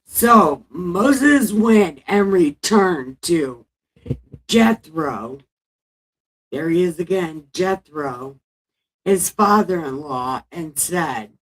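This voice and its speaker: A woman's voice: lowish voice, animated, drawn-out words, rough recording. A woman hosting a comic Bible reading, narrating casually with slangy asides. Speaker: host and reader.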